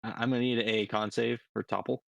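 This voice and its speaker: A man's voice: mid-range voice, little pitch movement, fast, creaky, a bit bright, no echo, lo-fi sound. A man playing a tabletop game, hesitant with many fillers. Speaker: player.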